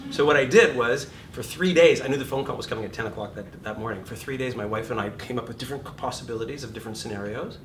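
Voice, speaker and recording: Animated fifty-something acting teacher, swearing. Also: male voice, fast talker, few pauses. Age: 50s. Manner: animated, swearing, self-deprecating storyteller. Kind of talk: live seminar talk. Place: classroom seminar. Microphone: distant room mic. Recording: echoey room, far mic, rumbling noise.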